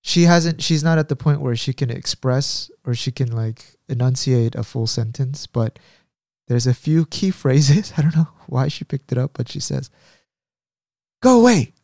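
A man's voice: medium pitch, moderate pace, creaky, a little mellow, no echo, studio quality. A man in casual conversation, telling stories in a reflective, rambling way. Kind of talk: casual chat.

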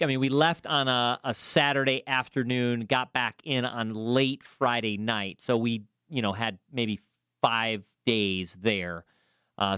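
A man co-hosting a podcast in casual banter, playful and exuberant, breaking into loud showman-style bursts. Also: medium pitch, clean tone, dry recording, clean studio sound. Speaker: podcast co-host.

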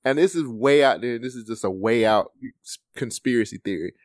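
A podcast co-host chats casually about a movie, his mid-range voice brisk and animated as he acts out lines from it in quotes. The recording is clean studio sound with no room tone.

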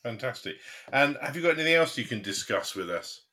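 A man co-hosting a casual chat, teasing and quick to laugh. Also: medium pitch, sing-song, bright, forceful tone, slightly rough. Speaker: podcast co-host.

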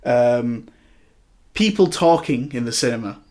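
A young man hosting a podcast, chatting casually and telling an animated story with mimicked outbursts. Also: medium pitch, unhurried. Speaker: podcast host. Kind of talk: casual chat.

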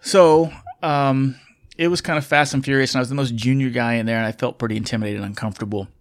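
A man's voice: mid-range voice, steady tone, quick pace. Candid middle-aged man telling a story. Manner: candid, reflective, with frequent fillers and restarts. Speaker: former Marine officer and airline pilot telling a story. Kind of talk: casual storytelling.

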